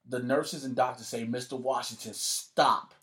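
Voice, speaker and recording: Telling a story as a guest in casual talk, this man keeps a moderate pace and a medium pitch. He's animated and profane, voicing the people he quotes.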